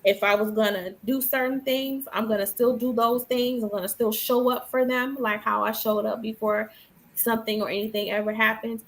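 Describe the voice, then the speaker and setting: A woman's voice: a little high, flat delivery, normal speed, rough recording. A woman co-hosting a casual podcast chat, speaking emphatically and with conviction. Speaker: podcast co-host.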